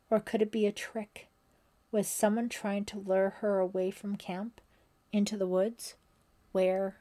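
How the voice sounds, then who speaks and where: A woman narrating a thriller audiobook in a steady, suspenseful storytelling manner. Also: mid-range voice, a little slow.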